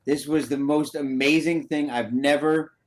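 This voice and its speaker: A man co-hosting a casual podcast, telling stories in an animated, rambling way. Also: a little high, measured pace. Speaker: podcast co-host.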